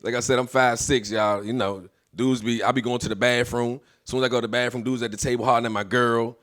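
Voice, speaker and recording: Brash, bright-voiced male stand-up comic. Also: medium pitch, fairly even intonation, quick pace. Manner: brash, swearing, acts out voices in stories. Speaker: stand-up comedian. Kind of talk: stand-up comedy set.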